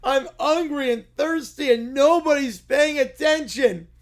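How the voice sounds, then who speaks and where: A man's voice: very high-pitched, voice pushed up. A man voicing a whiny, bratty, scared cartoon bear-child who complains nonstop. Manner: whining, complaining, drawn-out.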